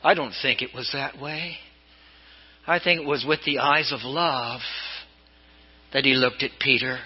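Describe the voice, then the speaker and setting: An older man from California preaching a sermon as a bishop, telling stories and swinging his pitch up and down for emphasis. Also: unhurried, slightly rough, muffled recording. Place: church.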